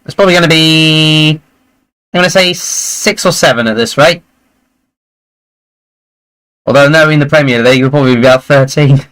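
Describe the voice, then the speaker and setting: A man hosting a live football watchalong, chatting and reacting excitedly to the play. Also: a little high, moderate pace, pauses often, rough recording. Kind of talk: live match commentary and chat.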